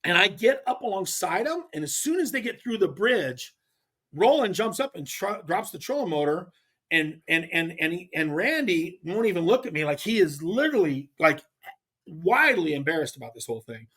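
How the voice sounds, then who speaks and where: A middle-aged man from the US West Coast tells a story as a podcast guest. His pitch swings widely as he gets excited. He laughs often and stumbles over repeated words. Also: normal speed. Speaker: podcast guest, pro angler. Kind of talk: animated storytelling in casual chat.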